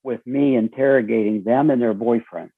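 Gravelly raspy man on a tinny phone line. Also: medium pitch, moderate pace, no echo. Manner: acts out quoted dialogue with lively shifts. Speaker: interview guest. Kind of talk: storytelling conversation.

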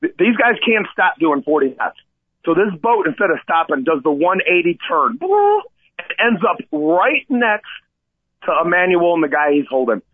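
A man co-hosting a talk radio show, telling a rescue story in an animated way and often asking "okay?". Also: high-pitched, normal speed, no room sound. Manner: excitable, repeats "okay?" and addresses Coach. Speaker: radio co-host and kayak tour operator. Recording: tinny phone-line sound, dry.

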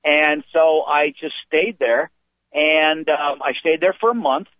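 An older man tells long, rambling stories with an animated, slightly high voice. His voice is dry and close, squeezed through a tinny phone line. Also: unhurried, no room sound. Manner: rambling, animated storytelling with restarts. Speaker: comedian guest. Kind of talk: anecdotal storytelling. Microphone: phone call.

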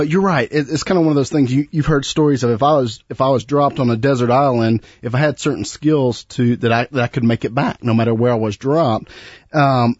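A man's voice: medium pitch, darkish tone, husky, no echo, dull audio. A man hosting a radio talk show, chatty and prone to repeating words. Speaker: host.

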